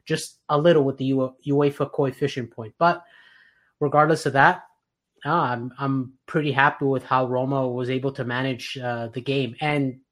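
A man hosting a podcast, giving animated, opinionated football takes in casual chat with frequent restarts. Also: medium pitch, normal speed. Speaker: podcast host.

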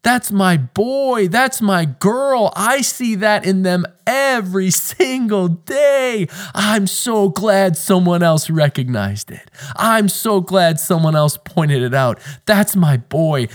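God as an overjoyed proud father, put on by a man, high beaming drawn-out exclamations, faith podcast monologue. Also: lively intonation.

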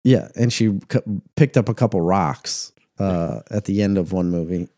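A low-pitched American man with a mellow, darkish voice, recorded dry and close. He rambles loosely through casual chat, teasing his friend and laughing easily. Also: normal speed, dry recording. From United States.

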